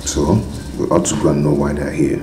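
A man with a Nigerian accent playing a gentle husband coaxing his wife. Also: rumbling low, flat delivery, a little fast, over loud music. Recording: echoey room.

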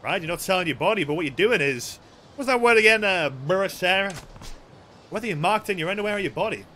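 A man's voice: high voice, lively intonation, fast, pushed and bright, a little hiss or hum. A young man streaming a video game, swearing a lot, joking and reading the dialogue aloud. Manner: sweary, playful, reads game text aloud. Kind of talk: let's play commentary.

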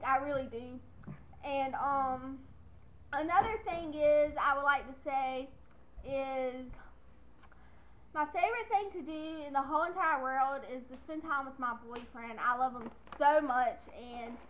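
A woman's voice: high-pitched, a little slow. A young woman vlogging casually to camera, chatty and giggly, rambling from one thing to the next, on lo-fi webcam audio.

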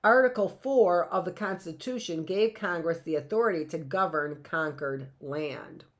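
A woman's voice: lowish voice, moderate pace. A middle-aged woman teaching a live history lesson, reading from notes and breaking off into chatty asides and rhetorical questions.

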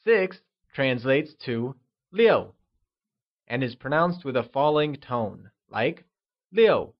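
Slow, deliberate male language teacher. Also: mid-range voice, animated, dull audio. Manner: slow, deliberate, models words for repeating. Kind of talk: scripted language lesson narration.

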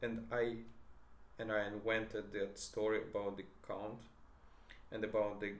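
A man's voice: lowish voice, little pitch movement, natural voice. A man reading the lines of a shy, emotional young woman, in an echoey room. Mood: tearful. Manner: reads her lines close to his own voice, halting slips. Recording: echoey room, faint noise.

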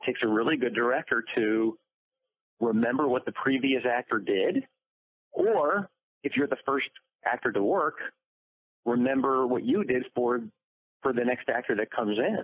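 Animated storytelling man on a thin line. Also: medium pitch, moderate pace. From United States. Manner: lively storyteller, acts out quotes. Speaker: voice actor guest. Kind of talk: interview anecdotes. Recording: dry phone-like line.

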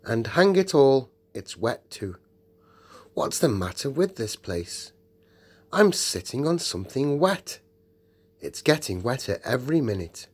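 A man's voice: mid-range voice, sing-song, unhurried, slightly rough, pitched above the performer's own voice. A man reading an audiobook and voicing a blunt, decent eldest schoolboy with a raised, exclaiming manner. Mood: grumbling.

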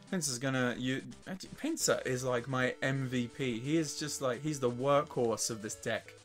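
A man's voice: medium pitch, fairly bright tone. English man with a weak, worn voice. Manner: swearing, laughing, trash-talking the game. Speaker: let's play host. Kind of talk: casual gameplay commentary.

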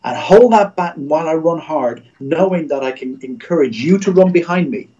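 A man's voice: fairly high pitch, lively intonation, brisk, dark tone, muffled recording. A middle-aged man, a Christian radio executive, speaking as a guest in a livestream interview over a video call, in an earnest, preacher-like way with repeated phrases.

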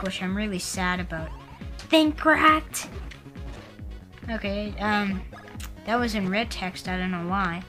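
A woman giving casual commentary on a video game, rambling and halting with lots of fillers. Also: mid-range voice, poor audio. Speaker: let's player.

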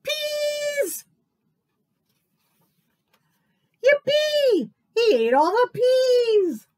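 A woman voicing a frantic farm duck in a children's picture book, with loud, shrill exclamations. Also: big pitch swings, a little slow, no room sound, clean studio sound, heavily acted. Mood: alarmed.

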